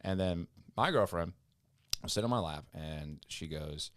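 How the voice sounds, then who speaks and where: Deep-voiced man telling a rambling story. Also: lively intonation, moderate pace, no echo. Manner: rambling storyteller acting out quotes. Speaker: podcast guest. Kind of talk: casual podcast chat.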